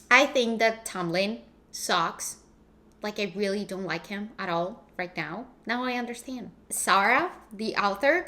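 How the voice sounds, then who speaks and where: A chatty young woman with a slightly high voice talks to her camera from her bedroom. She gushes and rambles in a casual vlog, piling on fillers as she goes. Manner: gushing, excitable, chatty with many fillers. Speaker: vlogger.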